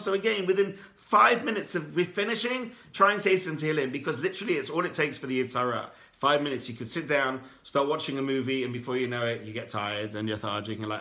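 Bright-voiced rabbi telling a story. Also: male voice, a little high, fairly quick, few pauses. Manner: animated storyteller, acts out characters' lines. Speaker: rabbi teaching a class. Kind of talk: storytelling Torah class.

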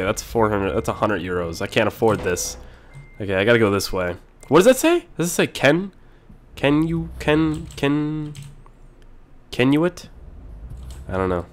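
A young man talks his way through a driving game in loose let's-play commentary. He rambles to himself, swears freely and jumps from mutters to sudden excited shouts. His voice sits at a mid pitch. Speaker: gaming video host.

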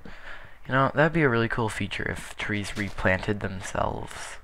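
A man's voice: on the low side, expressive, unhurried, sharp tone, slight background noise. A young man casually commentating his gameplay, rambling with self-deprecating jokes. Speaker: gaming channel host. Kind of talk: casual Let's Play commentary.

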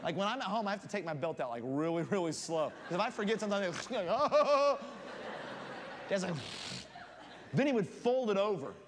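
A man preaching as a guest pastor in a church, reading scripture aloud and telling animated stories. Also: sits high, fast, a faint crowd. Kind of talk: sermon. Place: church sanctuary. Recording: long hall reverb, faint room noise.

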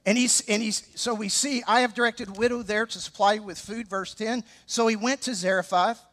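High-voiced Alabama pastor preaching. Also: male voice, fairly quick. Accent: Alabama Southern. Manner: animated, joking asides to the congregation. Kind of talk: sermon.

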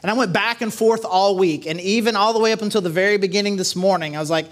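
A man's voice: sits high, fast talker. A man pastor giving a conversational sermon at a church service, telling stories with lots of casual fillers and "right?" tags.

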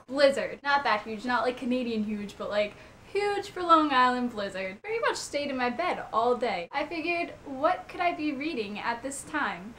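A woman's voice: high voice, expressive, moderate pace, a bit bright, slight background noise. A young woman vlogging a casual monthly book wrap-up, upbeat and gushing about what she read. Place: home, Long Island.

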